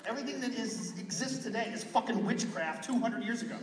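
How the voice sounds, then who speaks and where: A man doing a live stand-up set, loud and profane, with shouted bursts. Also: extremely high pitch, quick pace. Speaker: stand-up comedian. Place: large live venue with an audience. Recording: distant audience recording in an echoey hall. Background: loud crowd laughter and noise.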